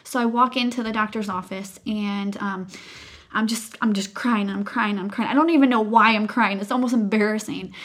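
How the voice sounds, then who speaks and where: Woman in her 30s, earnest emotional storyteller, casual chat, mid pitch. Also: steady tone, moderate pace, fairly bright tone. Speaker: co-host sharing a personal story.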